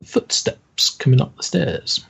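A man's voice: a little slow, fairly bright tone. A man narrating a tabletop horror game as game master, hesitant, with many ums.

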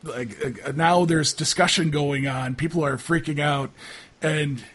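A man narrating as game master for a tabletop game, halting with many fillers. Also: on the high side, a bit bright, slightly rough.

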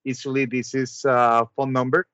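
A man narrating as game master of a tabletop game over an online call, measured and hesitant, with frequent ums. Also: medium pitch, flat delivery, fairly bright tone, dry recording, muffled recording.

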